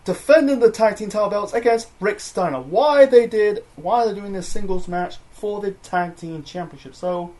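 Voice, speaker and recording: Rambling casual man, slightly high voice. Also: moderate pace, hardly any pauses, darkish tone. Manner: rambling, many fillers and self-corrections. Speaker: wrestling review host. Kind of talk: casual solo review chat.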